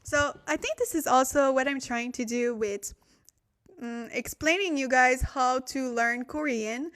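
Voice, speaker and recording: A woman's voice: sits high, fairly bright tone. A young woman hosting a casual livestream Korean lesson, chatty and laughing often as she reads out viewer comments. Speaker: Korean language teacher and livestream host.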